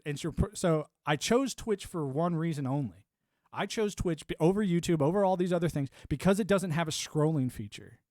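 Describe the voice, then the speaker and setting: A man's voice: on the high side, animated, normal speed, a little mellow, no echo, clean studio sound. A man in his forties ranting on a live stream, rambling and swearing, with lots of "you know". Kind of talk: ranting monologue.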